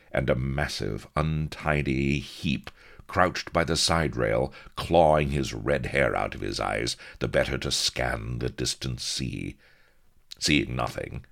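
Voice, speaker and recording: A man narrating a comic adventure audiobook in a dry, deliberate storytelling manner. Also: extremely low pitch, vocal fry.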